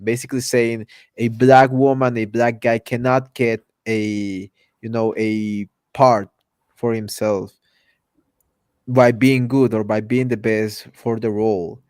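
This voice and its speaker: A man's voice: mid-range voice, flat delivery, slow, a little mellow, smooth, no room sound, studio quality. A man from Mexico chatting casually on a live stream, laughing often between restarts. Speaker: podcast host.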